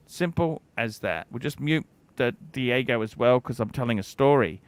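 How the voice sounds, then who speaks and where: A man's voice: medium pitch, animated, moderate pace, dry recording. A cantankerous man in his forties, hosting a livestream and ranting with heavy profanity. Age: 40s. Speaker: livestream host.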